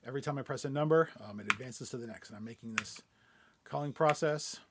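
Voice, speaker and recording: A man walking viewers through a software demo in a webinar, relaxed and thinking aloud with lots of fillers. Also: medium pitch, fast talker, background noise. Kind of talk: screen-share webinar demo.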